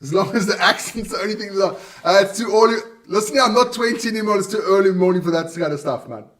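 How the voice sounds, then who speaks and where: A man's voice: high voice, fast, fairly bright tone, recorded from a distance. A man hosting a live stream alone, chatting casually and stumbling over hard player names.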